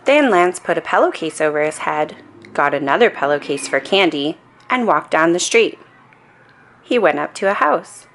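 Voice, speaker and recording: A woman reading a bedtime story aloud, gentle and expressive. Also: low-pitched, moderate pace, slight background noise. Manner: gentle and expressive, with playful voices. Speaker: storybook reader.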